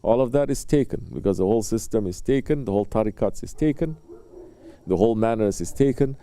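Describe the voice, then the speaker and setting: A male religious teacher delivering a sermon, telling stories and briefly acting out the people in them, with pauses and soft fillers. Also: fairly low pitch, expressive, no room sound. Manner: storytelling, acting out short exchanges between people.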